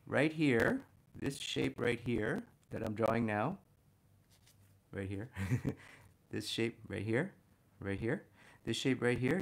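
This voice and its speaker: A man teaching a figure drawing lesson as he sketches, talking warmly to viewers as "my friends" and getting excited about the details he spots. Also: medium pitch, takes it slowly, vocal fry, pauses often. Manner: enthusiastic, talks to "my friends" while drawing. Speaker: art instructor.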